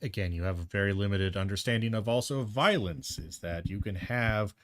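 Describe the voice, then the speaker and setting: A man's voice: lowish voice, fairly quick, a bit bright, no echo. A man streaming heated commentary on a debate clip, blunt and indignant, swearing freely.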